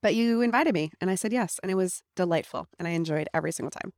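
A woman's voice: lowish voice, quick pace, a little mellow, no room sound, clean studio sound. Laughing, bantering woman podcast guest. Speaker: podcast guest, founder and pastor. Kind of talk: casual podcast conversation. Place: in-person home recording setup.

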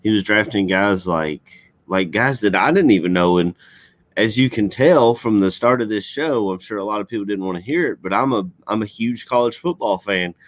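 A man's voice: fairly low pitch, moderate pace, dry recording. A man co-hosting a casual sports talk show over a computer call, blunt and swearing freely. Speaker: podcast co-host.

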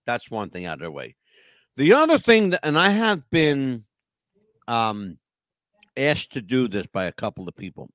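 A man's voice: mid-range voice, moderate pace, long pauses, no room sound, studio quality. A man co-hosting a casual podcast, telling stories in a rambling, emphatic way. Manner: animated, rambling, emphatic storyteller. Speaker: podcast co-host. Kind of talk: casual chat.

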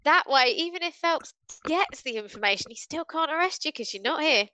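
A woman's voice: high voice, lively intonation, a little fast, bright, forceful tone, no room sound, rough recording. A woman guest on a podcast, chatting casually and playfully acting out lines. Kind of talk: casual chat.

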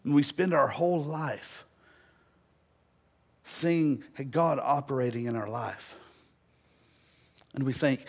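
A man preaching a sermon, telling a story and building to loud, emphatic peaks. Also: a little high, a little slow, creaky, long pauses, slightly rough.

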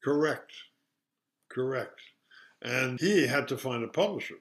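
An older man, an interview guest, retelling a children's story in a halting, casual way with many fillers. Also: medium pitch, animated, a bit bright.

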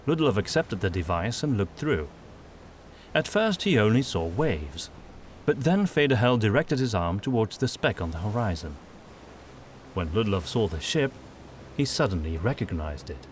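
A man narrating an audiobook in a steady, lively reading style. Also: on the low side, moderate pace, a little hiss or hum.

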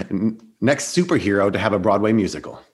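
An upbeat man hosts an interview and laughs often. His voice sits a little low, and he runs through quick quiz questions. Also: slightly rough. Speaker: interview host. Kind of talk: podcast interview with quiz round.

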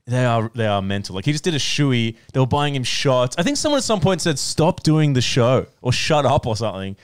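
A man chatting on a podcast in slangy, halting speech. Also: medium pitch, very animated, clear, resonant tone, dry recording, clean studio sound. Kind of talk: casual chat.

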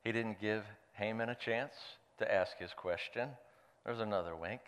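A man preaching with a smooth, resonant voice, reading scripture and breaking off into playful, animated asides. His words hang in a long reverb from a church hall. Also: lowish voice, moderate pace. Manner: playful, animated storyteller who jokes aside. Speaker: pastor.

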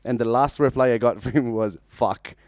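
A man's voice: mid-range voice, fairly even intonation, fairly quick, darkish tone, no echo, clean studio sound. A man from Italy, a podcast guest, chatting casually and laughing often while he tells stories over a remote call. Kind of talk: casual chat.

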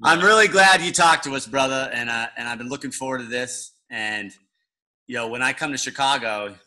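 A man's voice: mid-range voice, normal speed, pushed and bright. A man hosting a podcast interview, joking and bantering playfully with his guest. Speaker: podcast host. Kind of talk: casual interview chat.

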